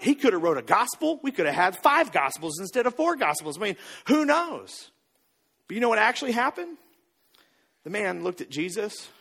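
A man preaching a sermon as a pastor, telling the stories with acted-out quotes and swinging from loud to hushed. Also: fairly high pitch, slightly rough.

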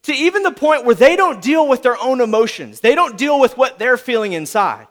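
A man with a very high voice gives a sermon in a relaxed, conversational tone. His pitch swings widely as he talks, and he breaks into playful little voices for examples. He keeps checking in with "right?". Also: a little fast.

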